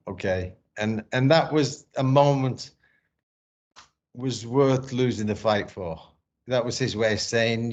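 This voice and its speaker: A middle-aged man telling a personal story in a casual interview, candid and emotional, swearing often. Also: medium pitch. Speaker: podcast guest, former boxer and actor. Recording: dull lo-fi sound.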